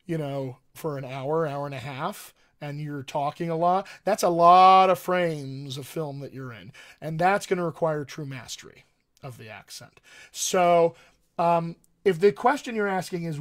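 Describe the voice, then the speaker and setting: Male dialect coach answering live questions. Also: on the high side. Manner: explanatory, answers viewer questions with analogies and restarts. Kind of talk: live-streamed Q&A teaching.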